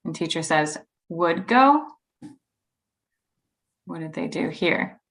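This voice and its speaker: A woman leads a teacher-training session over a video call. Her voice sits low but sounds bright and clear. She explains step by step, filling pauses with ums and acting out sample sentences. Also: flat delivery, rough recording. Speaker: teacher trainer leading a workshop. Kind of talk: online teacher-training workshop.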